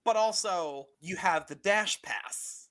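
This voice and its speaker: A man with a high, bright voice talks casually as a podcast co-host. He laughs easily and drops the odd swear word, poking fun at himself as he goes. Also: takes it slowly. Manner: laughs often, swears casually, self-deprecating. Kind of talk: casual chat.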